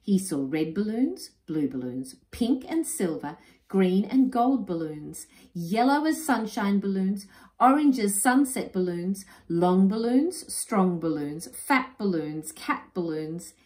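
A woman reading a children's picture book aloud, expressive and unhurried. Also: mid-range voice. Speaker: storyteller. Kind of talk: children's story read-aloud. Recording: roomy echo.

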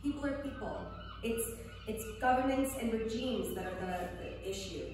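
A woman's voice: a little high, normal speed, a little mellow, natural voice. A woman playing an earnest, exasperated woman who keeps correcting others in a scripted comedy sketch. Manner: patient correcting, then exasperated. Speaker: character in a comedy audio sketch. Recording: echoey room, distant mic, faint noise.

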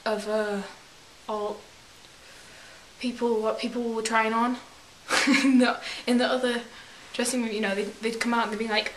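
A woman's voice: a little high, flat delivery, normal speed. A young woman vlogger rambling through a story in a put-on English accent, acting out quotes in silly voices. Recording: echoey room with faint hiss.

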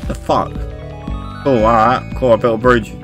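A man's voice: medium pitch, level tone, moderate pace, music in the background. Joking man streaming a game. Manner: joking, swears casually, talks to chat. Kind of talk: casual gaming stream chat.

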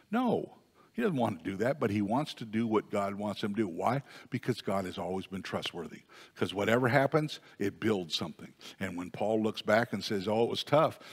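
Pastor, male, low voice, conversational sermon with emphatic peaks, long reverb of a church. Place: church sanctuary.

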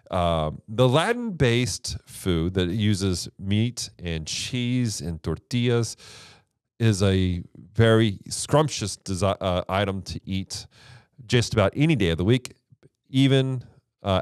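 Man, pastor host, casual Bible teaching, emphatic, rhetorical questions, low lively voice. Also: clean tone, no echo, studio quality.

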